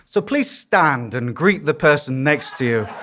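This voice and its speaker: A priest from Yorkshire, England, speaking with a Yorkshire accent, gives a conference lecture in a conference hall, telling stories with self-deprecating humor. His voice is a little high, animated and a little slow, over a noisy background.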